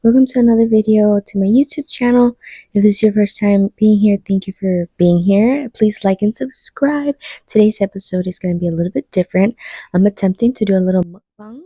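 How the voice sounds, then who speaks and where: A woman's voice: mid-range voice, fairly quick, mellow, slightly rough, dry recording. A woman chatting casually to her phone camera as a vlogger, with many "um"s and "like"s. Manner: chatty, lots of fillers like "um" and "like". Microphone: phone camera mic.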